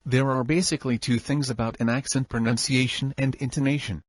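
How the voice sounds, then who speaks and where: Male audiobook narrator, mid-pitched voice, steady instructive delivery, dry close-mic sound. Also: a little fast, dry recording. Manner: even, instructive reading.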